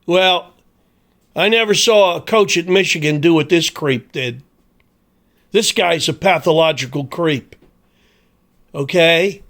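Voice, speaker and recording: Male sports ranter, high-pitched voice, heated, sarcastic and foul-mouthed. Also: a bit bright. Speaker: sports commentator. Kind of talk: angry ranting commentary.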